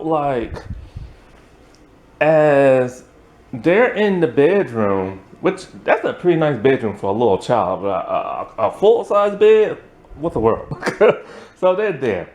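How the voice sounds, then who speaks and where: A man with a medium-pitched, darkish voice summarizes a movie's plot in a relaxed reviewer style. His recap wanders, peppered with "um" and "like," and he keeps chuckling.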